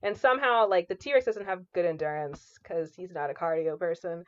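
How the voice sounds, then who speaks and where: Her fairly low voice moves briskly as she chats through a movie recap on the podcast she co-hosts, heavy on fillers and acted-out dialogue. There's no echo, though the sound is dull.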